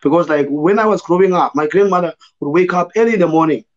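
A hoarse man from South Africa speaking a little high for a man, rambling through his answers with plenty of "you know" and "man". The sound is dull and lo-fi, like an online video call. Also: quick pace. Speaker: guest poet. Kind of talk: casual conversation in a virtual panel.

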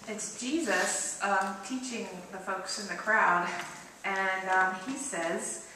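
A woman pastor gives a conversational sermon, questioning her listeners and acting out the voices she quotes. Her voice is bright and forward, caught from a distance in a very echoey church sanctuary. A faint hiss sits beneath it. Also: mid-range voice, slow. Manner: conversational, asks the congregation questions; acts out quoted voices with lively shifts.

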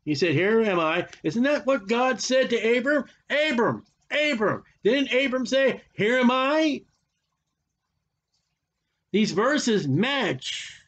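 A man teaching a Bible study as a sermon, animated, sarcastic and preachy, from the United States. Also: extremely high pitch, slow. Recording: muffled lo-fi recording.

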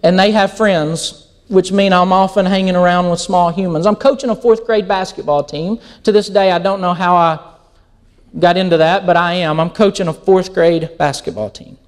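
A man's voice: high voice, moderate pace. A middle-aged man giving a sermon as a pastor, telling stories and acting out quoted dialogue. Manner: animated storytelling, acts out quoted dialogue.

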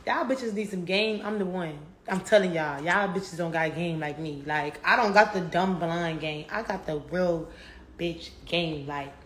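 A woman's voice: lowish voice, measured pace, fairly bright tone. A young adult woman rapper talking casually in an interview, brash, boastful and full of profanity. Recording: roomy echo.

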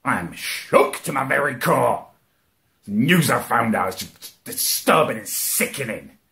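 A man delivering an indignant comic rant, swearing and climbing high in pitch as he gets outraged. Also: sing-song, measured pace, gravelly, pushed and bright. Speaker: comedy ranter.

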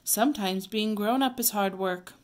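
A woman's voice: medium pitch, moderate pace, close to an everyday voice. A woman voicing a friendly father in a storybook read-aloud, cheerful and upbeat.

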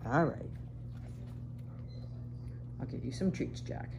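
A woman talking casually to her dog and cat at home, coaxing and gently scolding them. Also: rumbling low, lively intonation, slow, vocal fry, background noise. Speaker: pet owner. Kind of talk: casual talk to her pets. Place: home indoors.

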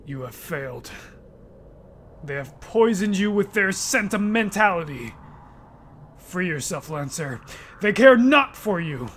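A man's voice: high voice, big pitch swings, unhurried, pauses often, fairly bright tone, a little hiss or hum, voice pushed down, heavily acted. A man voicing a cold, menacing king from a video game who lectures his son in a grave, commanding tone.

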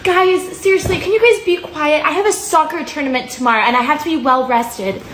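A woman's voice: high voice, brisk, fairly bright tone, echoey room. A young woman in a casual comedy sketch, sassy and giggly. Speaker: comedy creator.

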